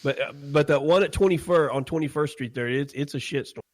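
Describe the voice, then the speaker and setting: A man co-hosting a podcast, telling a crude story in a casual, animated way and laughing often. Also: a little high, a little fast, no room sound. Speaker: podcast co-host.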